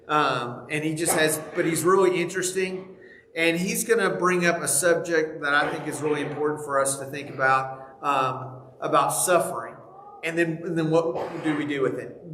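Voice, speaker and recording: Texan man, folksy Bible class teacher, stop-start delivery, slightly high voice, roomy church sound with faint hiss. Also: a bit bright. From Texas. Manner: folksy, halting, many fillers and restarts. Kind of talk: casual church class talk. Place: church auditorium. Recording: echoey church room, faint noise.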